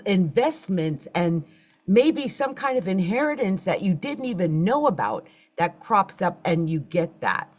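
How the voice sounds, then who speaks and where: A woman hosts an informal astrology livestream, her lowish, slightly mellow voice moving through big pitch swings at a measured pace. Chatty and addressing viewers head-on, she gets flustered by tech issues. The stream's audio is lo-fi and dull.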